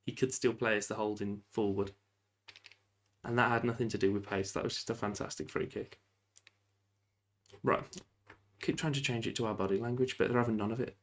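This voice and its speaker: A man giving lively, casual commentary while playing a football management game, often shouting at the referee and laughing. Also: on the low side, fairly quick, pauses often. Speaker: gaming YouTuber.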